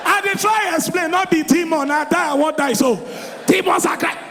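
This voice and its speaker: A Nigerian man doing a stand-up comedy routine on a live stage, loud and excitable, often breaking into shouts. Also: extremely high pitch, brisk, slight background noise. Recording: echoey live venue with crowd.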